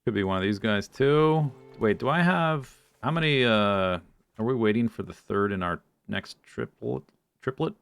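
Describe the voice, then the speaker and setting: Man, streamer, low voice, dry close sound, thinks aloud, mutters, casual gaming commentary. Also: moderate pace, creaky, clear, resonant tone, no echo, soft background music. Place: home streaming setup.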